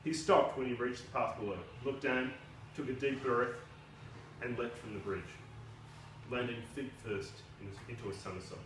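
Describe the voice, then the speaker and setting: A man's voice: mid-range voice, fairly even intonation, moderate pace, far from the mic, noisy background. Chatty male author, very echoey room. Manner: casual, self-deprecating, chatty asides. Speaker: debut novelist. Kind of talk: book launch speech and reading.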